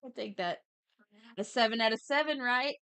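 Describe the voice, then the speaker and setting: A woman's voice: fairly high pitch, normal speed, fairly bright tone, clear, resonant tone, dry recording. A woman in her thirties hosting a livestream, chatting playfully and reading out chat messages while she draws. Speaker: livestream host.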